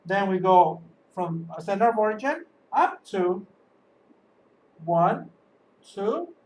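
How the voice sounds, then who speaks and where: A teacher records a video lesson, slowly talking through each step and pausing to ask "okay?" along the way. The voice sounds set back from the microphone, and a faint hum of background noise runs underneath. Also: medium pitch, animated, a little mellow, recorded from a distance, poor audio. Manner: patient, step-by-step, often checks in with "okay?". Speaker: high school math teacher.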